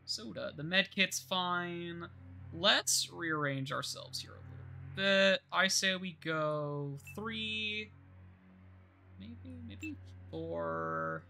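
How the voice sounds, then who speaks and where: A young man live-streaming a game, chatting loosely to himself with a very bright, sharp tone and a slightly higher voice. He rambles and curses freely when the settings frustrate him, while faint music plays behind. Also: creaky. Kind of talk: casual live gameplay commentary.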